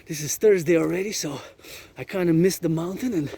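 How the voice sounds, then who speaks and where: Rambling high-voiced man outdoors. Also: fairly quick, gravelly, warm tone, a little hiss or hum. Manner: rambling, repetitive, chants in bursts. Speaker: vlogger. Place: outdoors walking up a mountain in rain.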